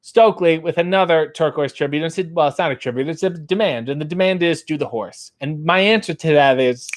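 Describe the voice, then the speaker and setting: A man's voice: a little high, brisk, slight background noise. A middle-aged man hosting a casual live stream, reading out viewer comments and bawdy limericks with a playful sing-song lift. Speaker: host.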